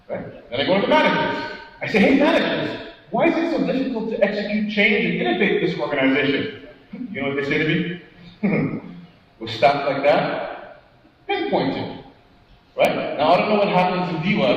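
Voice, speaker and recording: A man giving a motivational keynote talk at a conference, animated, putting questions to the audience and acting out quotes. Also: fairly high pitch, slight background noise. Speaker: keynote speaker. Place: large conference hall. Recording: echoey hall, distant mic, dull sound.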